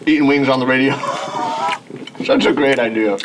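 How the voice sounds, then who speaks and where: A man's voice: medium pitch, steady tone, a little slow, noisy background. A man hosting a casual radio chat while eating hot wings, laughing often and strained by the heat. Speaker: radio show host. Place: radio studio.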